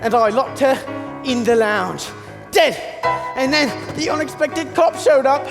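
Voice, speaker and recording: Man doing a high-voiced dramatic butler, lively delivery, loud music, long hall echo. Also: measured pace, gravelly, exaggerated voice. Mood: theatrical. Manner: dramatic, animated storytelling. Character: fussy, theatrical male butler, the narrator. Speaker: butler narrating the story. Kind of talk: stage play acting. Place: school stage.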